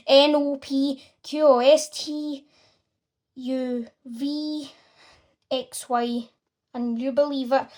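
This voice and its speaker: A brisk, eccentric chocolate maker who cheerfully brushes off every worry, as a woman reads him aloud. The voice stays light and fairly high, with a storybook lilt. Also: a little mellow.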